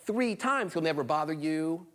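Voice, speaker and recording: A man's voice: on the high side, lively intonation, moderate pace, a bit bright, slight background noise. A man telling a folktale live on stage, shifting between character voices. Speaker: storyteller. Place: small concert venue stage.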